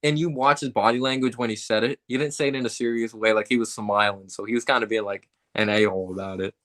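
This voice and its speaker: A man hosts a casual fan sports show in a lowish voice. He talks loosely with plenty of fillers, like someone chatting with friends after a game. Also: steady tone, fast talker, a bit bright. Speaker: fan podcast host.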